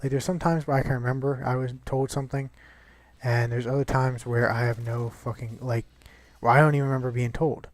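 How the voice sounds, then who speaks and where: A man's voice: medium pitch, steady tone, fairly quick. A young man chatting casually over gameplay, rambling and swearing with lots of restarts. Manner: rambling and profane, many restarts.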